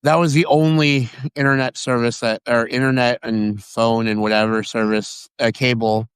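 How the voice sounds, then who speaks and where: A man from Sacramento, California, chatting as a guest, telling stories in an excitable, rambling way with frequent restarts. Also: medium pitch, normal speed, clean tone, no echo. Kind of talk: casual chat.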